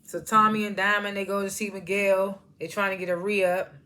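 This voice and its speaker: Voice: medium pitch, little pitch movement, moderate pace, sharp tone. A TV reviewer casually recapping an episode in loose, slangy storytelling and chuckling at the scenes. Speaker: TV show reviewer.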